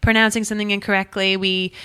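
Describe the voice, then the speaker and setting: Upbeat woman co-host, mid-pitched voice, dry close sound, chatty and gushing. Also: little pitch movement, fast, bright, forceful tone, clear, resonant tone, dry recording. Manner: upbeat and gushing, reading listener feedback. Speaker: podcast co-host. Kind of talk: casual podcast chat.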